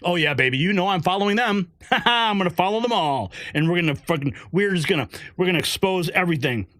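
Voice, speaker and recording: A male host giving animated political commentary, excitable and prone to exclaiming and laughing. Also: sits high, fast, no echo, clean studio sound.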